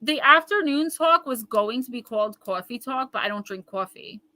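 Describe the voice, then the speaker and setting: A woman hosts a live intuitive card reading with a bright, slightly high voice. She talks to her viewers in an emphatic, chatty way. She often breaks off to answer their comments. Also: expressive, moderate pace, rough recording. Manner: reads viewer comments aloud and riffs on them. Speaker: intuitive tarot reader, host.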